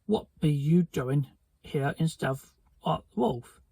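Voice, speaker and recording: A man reading a children's storybook aloud, voicing a gruff, blunt and motherly old ewe with a harsh, croaky voice and folksy grammar. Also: a little high, slow pace, full character voice, rough recording. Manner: loud, forthright, folksy grammar.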